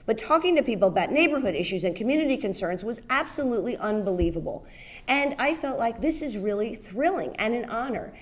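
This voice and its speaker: A middle-aged woman from New Jersey giving a keynote speech, telling her stories in an animated way and acting out the dialogue. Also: on the high side, fairly quick. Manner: animated storyteller, acts out dialogue, laughs often. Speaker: keynote speaker.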